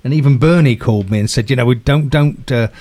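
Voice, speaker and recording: A man's voice: mid-range voice, fast talker. A man who produces records, telling a story in casual conversation, laughing often and acting out the quotes. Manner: animated, acts out quotes with raised voice, laughs often.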